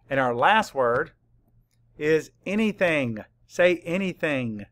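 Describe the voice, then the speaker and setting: A man teaching a spelling lesson to young children, spelling out letters slowly and patiently. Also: mid-range voice, animated, a bit bright, no room sound. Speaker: third-grade teacher.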